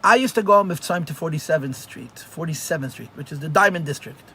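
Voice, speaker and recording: Forceful, husky-voiced rabbi telling stories. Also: male voice, fairly high pitch, fast talker. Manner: animated storyteller who repeats phrases for emphasis. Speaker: rabbi teaching a class. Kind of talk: live religious class with storytelling.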